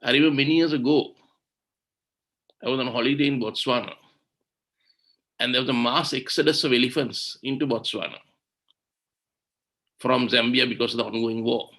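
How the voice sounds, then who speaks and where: A man's voice: medium pitch, fairly even intonation, moderate pace, long pauses, fairly bright tone. A man giving an impassioned webinar talk on environmental law, indignant and full of rhetorical questions, over a video call. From Sri Lanka.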